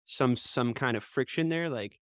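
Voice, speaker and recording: A man's voice: mid-range voice, moderate pace, a bit bright, no room sound, studio quality. A man co-hosting a sports podcast in casual chat, blunt and swearing freely. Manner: blunt and profane. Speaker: podcast co-host.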